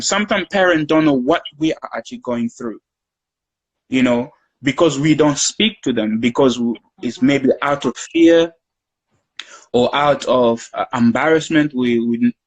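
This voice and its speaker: A man speaking as a guest in a live discussion, giving calm, earnest advice and now and then acting out conversations between a child and a parent. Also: mid-range voice, rough recording. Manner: acts out parent-child conversations in quoted speech.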